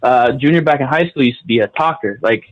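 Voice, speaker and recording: A man's voice: mid-range voice, fast talker, highs cut off. A man on a podcast, casually telling a story in slang, laughing often and acting out what people said. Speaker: podcast guest.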